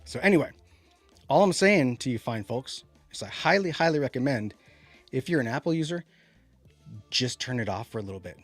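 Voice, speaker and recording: A man co-hosting a tech podcast, chatting loosely and rambling from point to point with sarcastic jabs. His voice is mid-pitched and recorded close and dry. Faint music plays underneath. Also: brisk, long pauses, no room sound. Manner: animated, rambling, sarcastic asides. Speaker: podcast co-host. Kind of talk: casual tech podcast chat.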